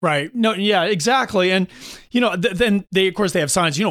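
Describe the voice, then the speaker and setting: A man in his fifties hosting a talk show, chatting casually and telling animated stories with mocking impressions of others. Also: high voice, brisk. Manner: animated storyteller, mimics others with mocking voices. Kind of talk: casual opinion chat.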